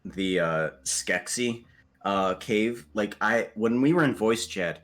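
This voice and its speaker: A man's voice: fairly low pitch, slow, a bit bright. A man chatting casually as a podcast guest, rambling and jokey with lots of fillers.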